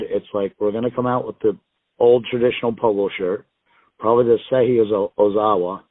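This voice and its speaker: A man's voice: lowish voice, no room sound. Rambling, profane man on a phone line. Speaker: interview guest. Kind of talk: casual storytelling interview. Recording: dry, tinny phone line.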